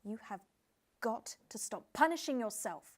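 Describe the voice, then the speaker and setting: A woman voices a British comedy-sketch guest who lectures her host like a counsellor. Her voice sits fairly high, and she talks in a theatrical, flowery, condescending way. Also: animated, moderate pace. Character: self-styled female outback expert, meddling amateur therapist.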